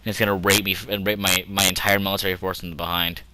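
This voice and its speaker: Bright-voiced young man joking over gameplay. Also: low voice, flat delivery, very fast, low-quality recording. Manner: rambling, joking, swears, talks to himself. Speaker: gameplay commentator. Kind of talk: casual gameplay commentary.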